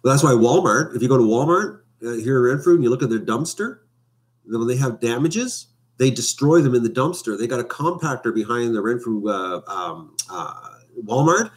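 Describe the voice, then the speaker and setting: A man's voice: medium pitch, expressive, normal speed. A man chatting casually on a home live stream, rambling and hesitant with many fillers. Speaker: vlogger. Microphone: webcam.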